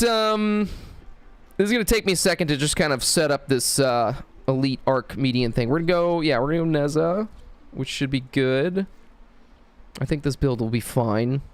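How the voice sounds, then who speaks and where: A man streaming a video game, chatting casually in a crude, jokey, rambling way. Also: mid-range voice. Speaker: gaming streamer. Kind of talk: casual livestream chat while gaming.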